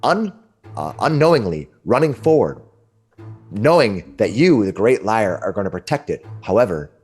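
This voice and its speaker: Male game master, low husky voice, animated storytelling, faint music bed. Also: normal speed. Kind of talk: narrating a tabletop game.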